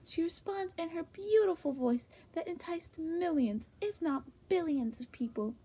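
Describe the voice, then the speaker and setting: A woman reading comedic fanfic aloud in a hushed, half-whispered voice with sudden jumps in pitch. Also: animated, measured pace. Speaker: fanfic reader.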